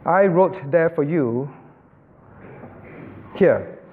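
A man's voice: on the high side, animated, very slow. A man pastor teaching a sermon, explaining step by step and often asking the audience if they follow, with some non-native English phrasing. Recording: phone-like band, long hall reverb.

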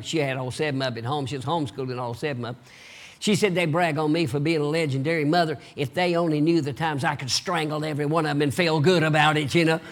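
An older man preaches a sermon in a high, lifted voice. He surges into loud, animated bursts and then drops into low, quiet asides.

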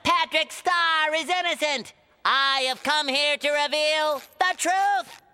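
An earnest cartoon sea sponge. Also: male voice, very high voice, slow, bright, forceful tone, exaggerated voice. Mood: earnest speech. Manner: grand, theatrical speech-making. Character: eager young male sea sponge, earnest and wordy. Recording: cartoon clip with music behind.

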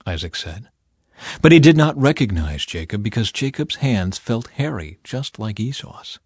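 A man narrating a Bible reading in a measured storytelling way. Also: fairly low pitch, sing-song, husky, dry recording, studio quality.

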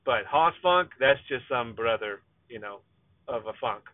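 A man's voice: mid-range voice, animated, measured pace, no room sound. Offhand joking man on a tinny line. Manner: joking, offhand, self-correcting. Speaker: wrestling podcast host. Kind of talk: casual rambling recap. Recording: dry, tinny phone-like sound.

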